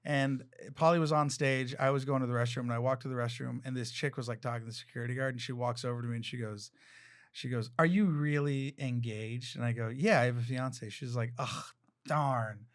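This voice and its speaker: A man's voice: mid-range voice, steady tone, fairly quick. A man, a guest comedian, telling profane anecdotes in casual chat with laughing asides.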